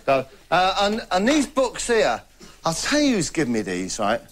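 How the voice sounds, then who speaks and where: A man delivering a rambling comic monologue, deadpan and boastful. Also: fairly high pitch, moderate pace. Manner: chatty, deadpan boasting, laughing at own jokes. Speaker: comedy host. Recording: noisy background.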